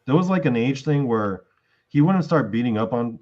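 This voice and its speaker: A man's voice: medium pitch, lively intonation, normal speed, darkish tone, lo-fi sound. A man hosting a podcast, retelling events in a rambling, casual way with lots of fillers. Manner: rambling retelling with many fillers and acted quotes. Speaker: podcast host. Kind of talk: casual storytelling chat.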